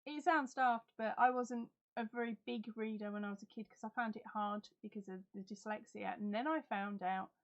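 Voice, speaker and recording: A middle-aged woman with a medium-pitched voice hosts a casual live chat from home, reading out viewer comments, giggling, and talking a lot. The recording is muffled.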